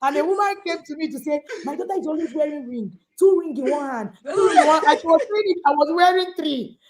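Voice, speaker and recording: Woman host, kinda high voice, hyping up her guests. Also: brisk, a crowd in the background. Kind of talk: hosting a panel chat.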